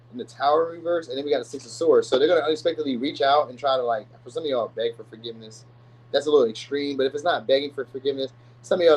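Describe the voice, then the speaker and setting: A man reads tarot cards for his viewers in a loose, slangy ramble. He talks quickly, restarts his sentences and fills the gaps with fillers. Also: medium pitch, darkish tone, breathy edge, low-quality recording. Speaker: tarot reader. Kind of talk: casual tarot reading to viewers.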